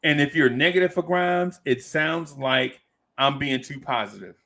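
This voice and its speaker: A man with a high voice and a gravelly edge hosts a loose live-stream chat. He reads viewer comments aloud, laughs easily and says lines twice for emphasis. The talk is playful and unscripted. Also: a little slow, pushed and bright. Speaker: host of a fan talk stream.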